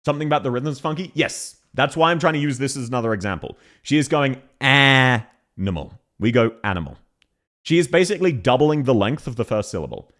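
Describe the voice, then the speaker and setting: A young man with a Canberra Australian accent, casually chatting on a live stream, laughing and swearing often. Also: medium pitch.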